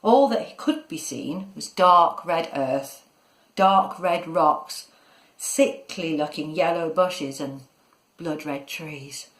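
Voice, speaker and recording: A woman narrating a children's story in a measured, expressive way. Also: deep voice. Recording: echoey room.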